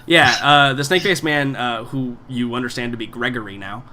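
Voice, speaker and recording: A man's voice: mid-range voice, fairly quick, pushed and bright. A casual man narrating a game. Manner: casual, many fillers like "um" and "like". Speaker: game master.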